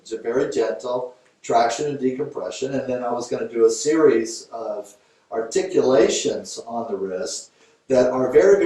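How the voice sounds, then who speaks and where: Male teacher, conversational storyteller, boomy echoing hall, picked up from a distance. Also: mellow. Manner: conversational, storytelling, fillers and restarts. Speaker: Thai yoga teacher. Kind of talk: informal lecture with a case story. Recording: very echoey room, voice from a distance.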